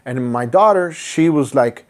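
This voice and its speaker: A man guesting on a boating podcast, telling a rescue story in an animated way and jumping into other people's voices. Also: mid-range voice, a little slow. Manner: excitable, acts out others' voices, many restarts. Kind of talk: animated storytelling in casual interview. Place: podcast studio.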